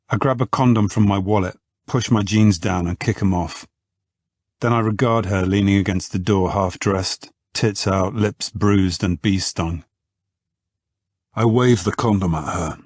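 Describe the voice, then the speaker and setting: A man narrating a romance audiobook in the first person, with an intimate, unhurried delivery. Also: deep voice, husky, dry recording, clean studio sound.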